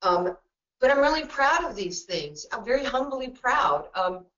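A woman with a New York accent, a basketball coach speaking in a webinar, blunt and joking, telling stories quickly with many asides. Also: a little high, sing-song, a bit bright. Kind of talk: webinar talk. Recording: dull lo-fi webinar audio.

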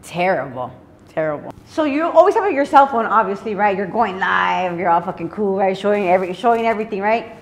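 A woman's voice: mid-range voice, lively intonation, brisk. A woman hosting an interview who gives short reactions and asks curious questions. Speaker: host.

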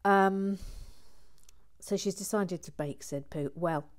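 A woman hosting a casual livestream, reading viewer comments in a playful, chatty way and dropping into quiet muttered asides. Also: mid-range voice, slow pace. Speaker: livestream host building a toy set.

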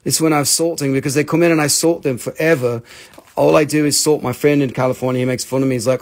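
An American man hosting a live sales stream, talking in an excitable, rambling way with casual swearing. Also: mid-range voice, fast talker. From United States.

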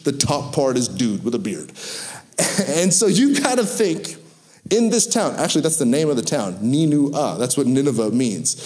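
Male pastor, sermon delivery, slightly higher voice, acts out the quotes. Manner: animated storytelling with acted-out quotes.

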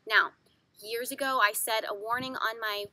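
Bright-voiced woman explaining astrology. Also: a little high, steady tone, moderate pace, dry recording. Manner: earnest, repeats words while searching for phrasing. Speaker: astrology YouTuber. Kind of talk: talking to camera about astrology.

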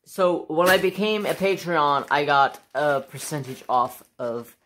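A woman with a low, fairly bright voice speaks a little slowly over a faint hiss or hum. She hosts a casual craft-channel unboxing vlog from home, gushing and exclaiming again and again while chatting to her dog between remarks.

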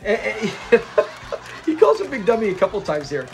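A young man with a fairly high voice chats through a sitcom episode at home. He is excitable and laughs often while he retells the scenes, and faint music plays quietly behind him. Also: fast talker, vocal fry. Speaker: show reviewer. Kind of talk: casual episode breakdown.

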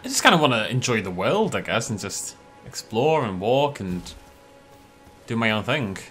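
A man with a medium-pitched, sing-song voice and a fairly bright tone does casual let's play commentary at a moderate pace. He chats with the characters on screen, talks to enemies, and jumps into sudden alarmed outbursts, with faint music in the background.

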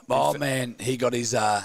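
A man's voice: mid-range voice, steady tone, a little slow, gravelly, no echo. Laid-back Aussie man, dry close sound. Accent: Australian. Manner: laid-back, crude, reacting with short agreements. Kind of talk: casual storytelling chat.

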